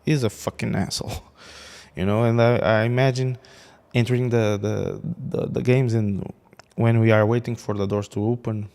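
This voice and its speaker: A man's voice: fairly low pitch, flat delivery, moderate pace, creaky, darkish tone. A man in a casual game commentary, rambling with many restarts and laughing at his own jokes. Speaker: gaming video creator.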